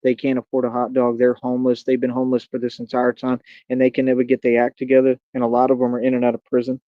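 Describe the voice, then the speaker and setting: A man's voice: mid-range voice, completely flat delivery, fast talker, no room sound. A man hosting a livestream, ranting and taunting his chat, often calling people "bro". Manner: combative, taunting, repeats "bro". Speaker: livestream host. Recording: dull lo-fi stream audio.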